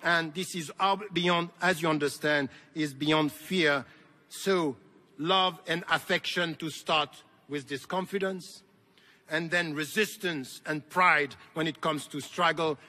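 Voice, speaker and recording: A man's voice: a little high, fairly even intonation, takes it slowly, bright, forceful tone, big-room sound. A man giving an impassioned convention speech, with emphatic, repetitive rhetoric. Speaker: convention keynote speaker. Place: large convention hall.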